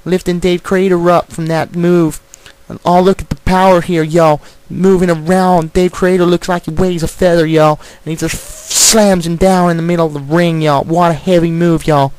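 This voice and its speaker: Man putting on a high, hyped wrestler commentator. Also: little pitch movement, normal speed, darkish tone, clean tone, no room sound, natural voice, rough recording. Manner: tacks "y'all" onto nearly every phrase. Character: brash young male wrestler guest commentator.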